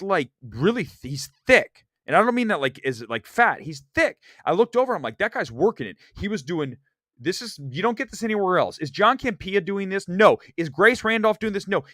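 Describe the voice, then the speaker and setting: A man with a high-sitting voice hosts a movie talk show, recorded with clean studio sound and no room echo. He rambles through stories in a casual livestream chat, animatedly acting out the people he quotes.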